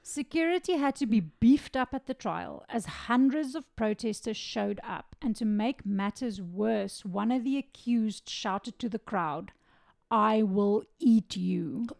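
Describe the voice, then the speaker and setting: Gravelly-voiced woman recounting a crime case. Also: fairly high pitch, expressive, measured pace, hardly any pauses, darkish tone. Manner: reads case details, then adds blunt asides. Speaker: podcast co-host. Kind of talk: casual true-crime chat.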